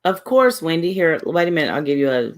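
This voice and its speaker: A woman's voice: deep voice, very animated, brisk. Woman, casual livestream chat, rambling, defensive, reads chat aloud. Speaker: livestream host.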